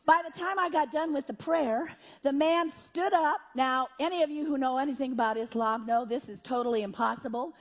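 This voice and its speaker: A woman preacher with a high voice tells an animated testimony, slipping into buzzing sound effects and quoted prayer. The recording is dull and lo-fi. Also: brisk, hardly any pauses. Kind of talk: storytelling sermon testimony.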